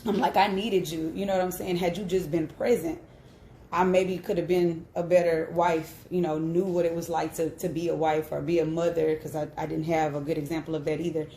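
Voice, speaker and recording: A woman's voice: deep voice, level tone, brisk, dark tone, echoey room, slight background noise. A woman in her thirties sharing a personal story on a live stream, candid and emphatic, often checking in with "right?". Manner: candid and emphatic, with frequent "right?" tag questions. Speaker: host.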